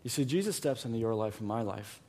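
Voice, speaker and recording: A man preaching a sermon as pastor, emphatic and repetitive, dropping to a hush and then rising loud. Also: mid-range voice, expressive, fast. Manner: emphatic, repeats words, swings from hushed to loud.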